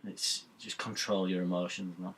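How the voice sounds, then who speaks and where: A man's voice: sits low, level tone, moderate pace, a bit bright, husky. A man hosting a live match watch-along, ranting bluntly about football with swearing and banter. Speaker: fan channel host.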